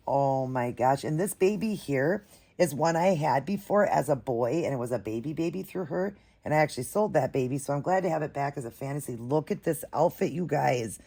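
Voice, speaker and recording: A woman's voice: a bass voice, normal speed, gravelly, mellow, husky. A woman vlogging at home, chatting casually and gushing over an unboxing as she talks to her viewers. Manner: gushing, chatty, addresses viewers as "you guys". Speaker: doll collector vlogger.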